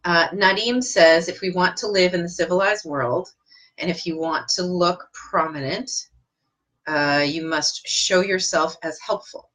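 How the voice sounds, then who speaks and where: Woman, online English teacher, bright tone, slightly low pitch, encouraging, direct questions to viewers. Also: a little slow. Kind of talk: live-streamed lesson reading viewer comments.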